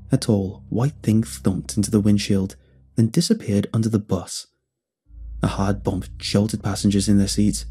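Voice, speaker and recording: A man telling a first-person horror story in measured scripted narration. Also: lowish voice, dark tone, breathy edge. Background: faint music.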